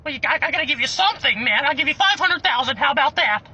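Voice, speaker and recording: A squeaky cartoon mouse, cussing. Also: male voice, lively intonation, fast, bright, forceful tone, muffled recording, heavily acted. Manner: high falsetto, giggly, cursing. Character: squeaky cartoon mouse man, brash host.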